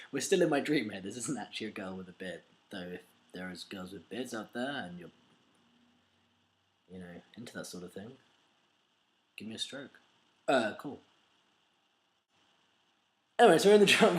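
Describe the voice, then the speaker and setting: A man telling a rambling, swearing comedic story in a casual vlog. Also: a little high. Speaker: vlogger.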